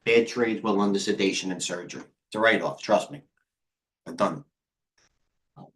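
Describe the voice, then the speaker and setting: A man's voice: on the low side, moderate pace, fairly bright tone. A middle-aged man hosting a live trading stream, talking casually and rambling with jokes and muttered asides. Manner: rambling, joking, self-deprecating, mutters to himself. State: out of breath.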